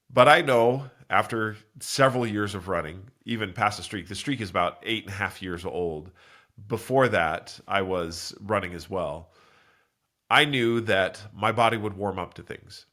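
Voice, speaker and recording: A man hosting a solo podcast, talking earnestly and in a rambling way while congested from a cold, correcting himself and acting out quoted voices. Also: bright, forceful tone. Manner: acts out quoted voices with big pitch jumps. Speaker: podcast host. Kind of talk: solo motivational talk.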